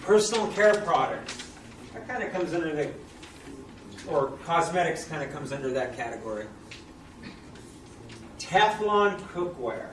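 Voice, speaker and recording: A man's voice: fairly high pitch, animated, unhurried, pauses often. Chatty man presenting in an echoey hall. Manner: chatty, asks the audience questions. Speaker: product presenter. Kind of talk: live product talk to an audience. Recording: echoey room, mic at a distance, noisy.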